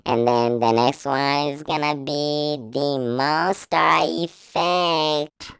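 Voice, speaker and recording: A man's voice: fairly high pitch, fairly even intonation, takes it slowly, smooth, no echo, voice pushed up. A man reviewing audio gear, speaking through a robot voice-changer effect, matter-of-fact. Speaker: product reviewer.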